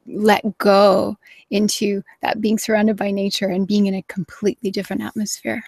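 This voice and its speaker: Gravelly-voiced woman hosting. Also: medium pitch, little pitch movement, normal speed, a little mellow, dry recording, studio quality. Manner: enthusiastic, gushing, acts out quotes. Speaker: host. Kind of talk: live wellness show conversation.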